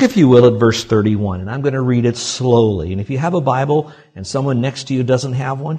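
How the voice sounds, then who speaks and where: A man preaching a sermon in a church, with animated swings from quiet, intimate remarks to loud emphatic lines. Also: mid-range voice, slightly rough. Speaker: pastor.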